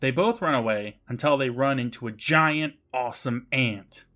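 A man's voice: mid-range voice, moderate pace, sharp tone. A man co-hosting a podcast, casually recapping an episode with lots of laughter and swearing, often mimicking the characters. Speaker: podcast co-host.

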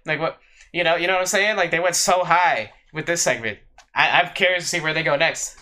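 A man's voice: on the high side, a little fast, pushed and bright. A man co-hosting a podcast who chats casually, with many fillers and repeated words. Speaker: podcast co-host.

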